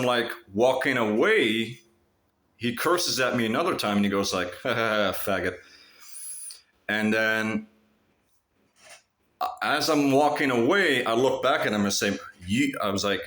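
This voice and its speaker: A man's voice: mid-range voice, fairly bright tone, echoey room. A man telling a story in a casual, profane vlog monologue, mimicking other people mockingly. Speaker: vlogger.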